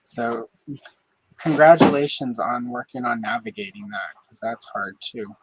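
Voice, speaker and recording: A woman's voice: rumbling low, a little slow, a little hiss or hum, rough recording. A woman hosting a live stream, chatting casually and joking at her own expense. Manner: chatty and self-deprecating. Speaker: host.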